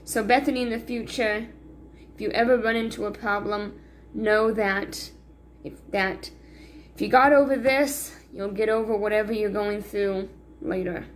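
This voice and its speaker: A woman vlogger speaks to her viewers in a rambling, self-critical confessional, full of restarts and sighs. Her medium-pitched voice is steady at a normal speed, with slight background noise.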